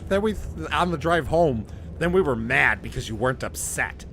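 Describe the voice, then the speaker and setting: Man, gravelly voice, rambling casual storytelling, faint background noise. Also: medium pitch, expressive, moderate pace, few pauses, sharp tone. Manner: rambling, laughs through his story.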